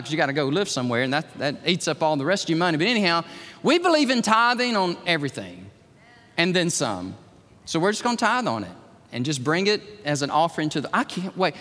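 Pastor guy preaching, high voice, gets loud then goes quiet, big echoey church hall. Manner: animated, swings from hushed to shouting. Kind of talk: sermon. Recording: long hall reverb.

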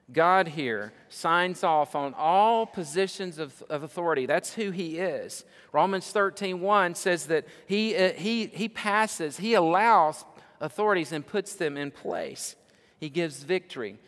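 A man's voice: fairly high pitch, measured pace. Preaching man in a reverberant hall. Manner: building to loud emphatic repetition. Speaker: pastor. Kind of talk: sermon.

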